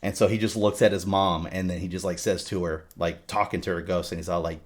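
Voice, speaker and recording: A man hosting a casual podcast chat, retelling a movie with animated, sweary storytelling. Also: low voice, brisk. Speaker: podcast host.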